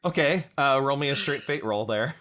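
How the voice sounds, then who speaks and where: A man's voice: medium pitch, normal speed, a bit bright, slight background noise. A man narrating a tabletop game as game master, describing scenes plainly.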